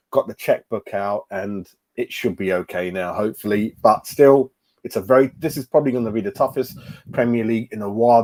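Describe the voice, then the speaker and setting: A man's voice: fairly low pitch, a little mellow. A middle-aged man runs a casual fan livestream. He talks in a chatty way, greets viewers by name and often repeats his words as he goes. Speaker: fan channel host.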